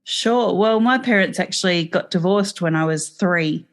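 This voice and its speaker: A woman's voice: on the low side, normal speed. An Australian woman, a podcast guest, telling her own life story in a frank, matter-of-fact way. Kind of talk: podcast interview.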